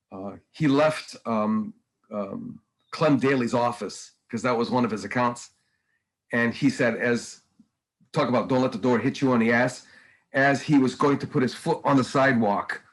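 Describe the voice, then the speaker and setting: Older guy on a podcast, lots of ums and restarts, rambling stories, mid-pitched voice. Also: poor audio. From New England. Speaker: podcast guest, painter. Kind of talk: casual conversational interview.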